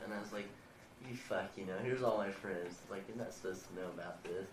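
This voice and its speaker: A man's voice: deep voice, quick pace. A seventeen-year-old boy telling a rambling, profane story as he is interviewed at a house. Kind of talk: casual storytelling. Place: indoors in a house. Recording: roomy, distant, noisy 1990 home video.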